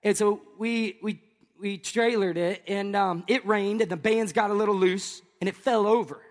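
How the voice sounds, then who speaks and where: A pastor from Tennessee, telling an animated, jokey story to his congregation in a sermon. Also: high-pitched, normal speed, long reverb tail. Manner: animated, jokey, talks to the crowd.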